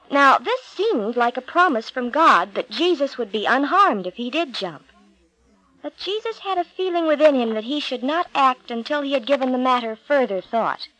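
A woman narrating a Bible storybook in a slow, expressive, deliberate reading. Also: on the high side, no room sound, rough recording.

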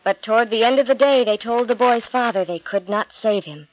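A woman's voice: a little high, low-quality recording. Woman narrating a Bible story. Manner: slow, expressive, deliberate reading.

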